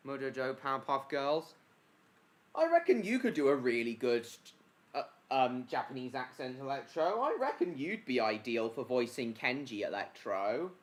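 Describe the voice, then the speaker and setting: A man's voice: mid-range voice, very animated, moderate pace. A man hosting a casual live stream, rambling and answering viewers by name mid-sentence, with lots of basically and reckon.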